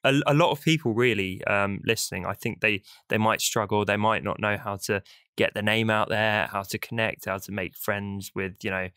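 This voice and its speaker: Bright-voiced British podcast host. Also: male voice, fairly low pitch, fairly even intonation, normal speed, clean tone, dry recording, studio quality. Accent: British English. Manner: playful, teasing, enthusiastic. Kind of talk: upbeat podcast chat with jokes.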